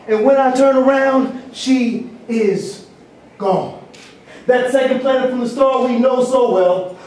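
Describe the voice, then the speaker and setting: A man performing spoken-word poetry and stories live on stage, with animated, rhythmic delivery and jokey asides. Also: very high-pitched. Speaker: storyteller and spoken-word poet. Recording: echoey hall, distant mic.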